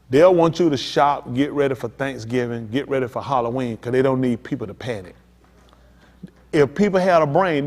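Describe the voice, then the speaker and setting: A man's voice: medium pitch, darkish tone. Preaching man in a reverberant hall. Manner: emphatic, talks straight to the congregation. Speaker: pastor. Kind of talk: preaching sermon.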